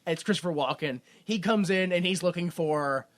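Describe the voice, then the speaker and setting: A woman with a fairly low voice, speaking at a normal speed, co-hosts a podcast. She casually recaps a movie in a rambling way, acting out the characters' lines and laughing a lot.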